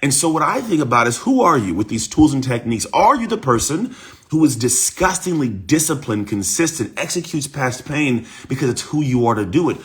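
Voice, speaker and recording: A man coach giving an energetic motivational talk on a livestream, his voice rough from the morning. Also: mid-range voice, a little fast. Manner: energetic, repetitive, talks straight to viewers. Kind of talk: live-streamed motivational talk.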